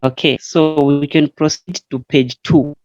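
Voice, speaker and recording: A man from Zambia teaching a language in an online class, explaining slowly and patiently with frequent fillers. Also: fairly high pitch, fairly even intonation, darkish tone, no echo. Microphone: online call. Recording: muffled online call audio.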